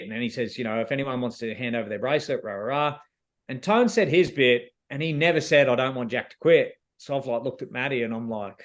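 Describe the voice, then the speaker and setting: A man's voice: mid-range voice, a bit bright. Candid Australian man telling a story. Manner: candid, emotional retelling that acts out quoted dialogue. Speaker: reality show contestant as guest. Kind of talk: casual storytelling interview.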